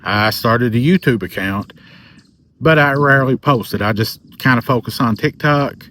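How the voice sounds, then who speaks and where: A man in his forties with a thick Southern drawl, talking slowly and earnestly to camera about his faith and his channel. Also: medium pitch, a bit bright, slight background noise. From American South. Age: 40s. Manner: slow, earnest, faith-filled. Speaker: paranormal content creator. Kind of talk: personal testimony to camera.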